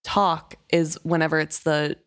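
Woman, lowish voice, casual exasperated book chat, lots of fillers. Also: level tone, measured pace. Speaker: book discussion co-host.

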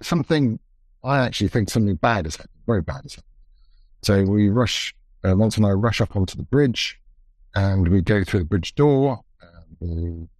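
A man who led an expedition, recounting events in a measured, reflective, halting way during a conversation. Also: on the low side, darkish tone, no echo. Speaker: expedition leader.

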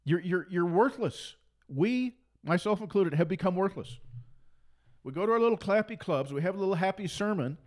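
Heated guy preaching, high pitched, keeps repeating himself, mocking tone. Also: lively intonation, moderate pace. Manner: fiery, repetitive, mocking. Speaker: Christian preacher and commentator. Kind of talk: impassioned preaching monologue.

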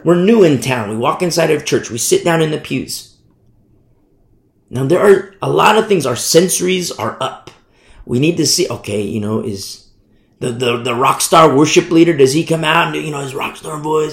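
A man's voice: a little high, animated, moderate pace, roomy sound. A man preaching a sermon as a pastor, blunt and plain-spoken, mocking those he disagrees with.

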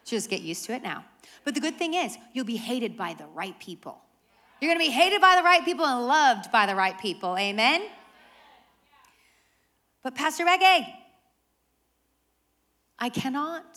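Bright-voiced woman pastor preaching. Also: fairly high pitch. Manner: animated, conversational, self-deprecating humor. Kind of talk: sermon. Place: church service with live audience.

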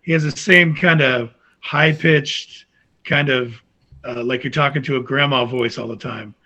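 A man's voice: medium pitch, steady tone, unhurried, pushed and bright, lo-fi sound. A man chatting casually about movies on a podcast, rambling and enthusiastic. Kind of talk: casual chat.

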